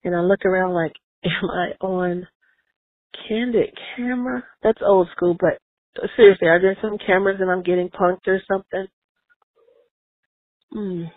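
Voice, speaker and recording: A somewhat low-voiced woman speaks as an exasperated mother, her voice emotional and close to tears. She is heard over a tinny, phone-like voicemail line with a dry, close sound. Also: level tone, moderate pace, pauses often, dry recording. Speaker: caller, mother of teens.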